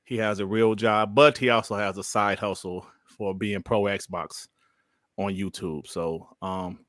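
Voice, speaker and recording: A man's voice: fairly low pitch, steady tone, unhurried, a bit bright, no room sound, clean studio sound. A man hosting a casual gaming podcast, talking in slang, filling with "you know" and laughing often. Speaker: podcast host.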